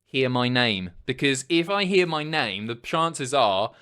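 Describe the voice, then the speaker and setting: A man in his thirties hosting a casual livestream, reading chat messages aloud, sweary and rambling, jumping between loud outbursts and mumbles. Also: medium pitch, animated, a little slow, clear, resonant tone.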